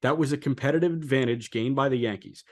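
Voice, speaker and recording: A man co-hosting a relaxed sports podcast, speaking into a podcast microphone at a mid pitch. He talks in an animated, incredulous way, and his voice climbs high whenever he drives a point home. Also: quick pace. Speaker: co-host. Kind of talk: casual sports podcast chat.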